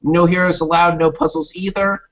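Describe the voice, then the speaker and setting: A man's voice: sits high, flat delivery, a bit bright, slight background noise. A man co-hosting a gaming podcast in casual chat, hesitant and full of ums. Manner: slow, hesitant, many ums, laughs easily. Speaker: podcast co-host. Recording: dull lo-fi audio with faint music.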